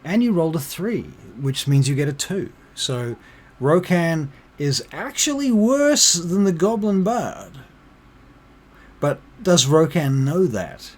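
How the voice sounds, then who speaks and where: A man's voice: fairly high pitch, sing-song, slow pace. A man running a tabletop game as game master, narrating with lots of hesitations and ums. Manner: hesitant, full of ums, chatty.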